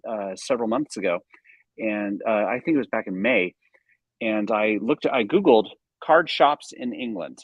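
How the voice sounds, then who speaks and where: A middle-aged man from the United States, a sports card collector, telling stories in an energetic, enthusiastic way. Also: lowish voice, dry recording, poor audio. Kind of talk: casual storytelling.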